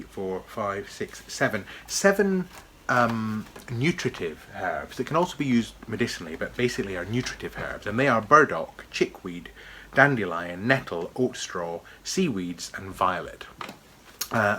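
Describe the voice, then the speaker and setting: A man's voice: lowish voice, pushed and bright, a little hiss or hum. A man giving an enthusiastic, chatty book review on video, talking with frequent restarts.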